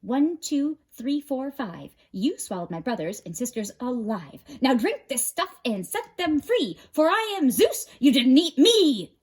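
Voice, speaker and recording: A woman voicing a brash young boy god in a storybook reading, eager and loud. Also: moderate pace. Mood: triumphant. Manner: excited, shouting high.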